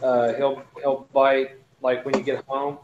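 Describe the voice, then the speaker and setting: A man's voice: medium pitch, measured pace, dull audio, background noise. Rambling man chatting casually. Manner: animated, rambling, swears casually. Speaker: host. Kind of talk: casual chat.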